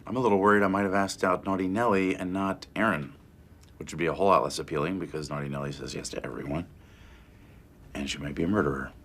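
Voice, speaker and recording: A man's voice: deep voice, quick pace, fairly bright tone. A man in a sitcom, an office worker talking in a goofy, rambling, eager way. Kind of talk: sitcom dialogue and to-camera asides.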